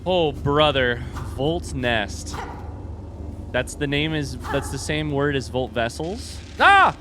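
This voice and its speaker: A man's voice: mid-range voice, slow pace, noisy background. Jumpy man streaming a game. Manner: jumpy, reactive, exclaiming and talking to chat. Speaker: streamer playing a video game. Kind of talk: live gameplay commentary.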